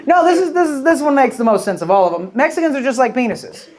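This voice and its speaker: A man's voice: extremely high pitch, big pitch swings, fast talker. A man doing a crude, rambling stand-up set, telling stories and acting out quoted voices. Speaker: stand-up comedian. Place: comedy club before a live audience. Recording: live club audio with crowd. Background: audience laughter.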